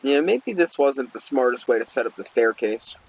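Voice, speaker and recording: A man's voice: mid-range voice, lively intonation, normal speed, breathy edge, muffled recording. A young man giving casual gameplay commentary while ranting in an irritated, rambling way, full of "like" fillers. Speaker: Let's Play commentator.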